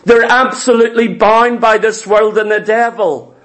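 A man's voice: high voice, fairly even intonation, normal speed, a bit bright. A man preaching a sermon to his congregation. He speaks with emphasis, repeats himself, and keeps asking rhetorical questions. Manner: emphatic and repetitive, often asks "do you know what".

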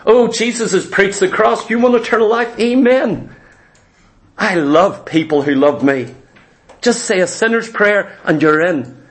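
A man preaching a sermon in an animated, emphatic way, often firing questions at his listeners. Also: high-pitched, unhurried.

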